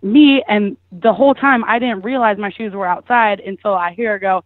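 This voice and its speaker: A woman's voice: medium pitch, normal speed, few pauses, dry recording. A young woman calling in and chatting away as she tells a story, laughing often and filling her talk with "like.". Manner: chatty, laughing, lots of "like" fillers. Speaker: caller guest. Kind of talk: casual storytelling. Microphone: phone. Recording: tinny phone line.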